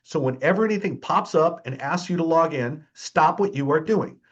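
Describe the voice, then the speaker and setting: A man's voice: fairly high pitch, moderate pace. Chatty male trainer, dull lo-fi audio. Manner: chatty and emphatic, keeps checking in with "okay?" and "right?"; wry, mocking tone toward scams. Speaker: security awareness trainer. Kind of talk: presenting a training webinar.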